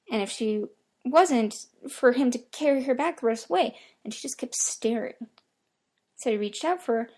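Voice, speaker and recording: A young woman reads a horror story aloud, her voice sitting a little high. She tells it casually, like a first-person account, swearing freely as she goes. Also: a little mellow, slightly rough. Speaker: narrator. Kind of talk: creepypasta reading.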